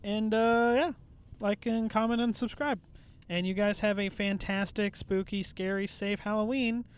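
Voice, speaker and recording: High-voiced man swearing through casual chat. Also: normal speed, clear, resonant tone. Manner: animated, swears a lot, rambling with restarts. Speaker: podcast co-host. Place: outdoors at a bridge.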